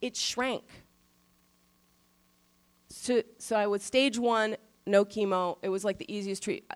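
A middle-aged woman pastor giving a sermon in a conversational style, stressing key phrases slowly. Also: medium pitch, fairly even intonation.

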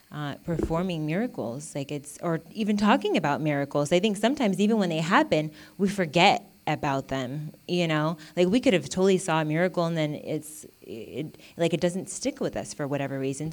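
A woman's voice: low voice, darkish tone. A woman giving a casual, earnest Bible teaching, talking conversationally with lots of "you know" and "like". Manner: earnest and encouraging.

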